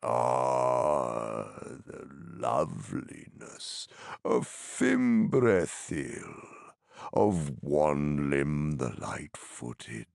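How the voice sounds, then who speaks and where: A man reading an audiobook, voicing an ancient, slow-spoken male tree giant in a deep, creaky rumble. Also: no room sound, studio quality, full character voice. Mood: musing. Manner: slow, ponderous, sorrowful.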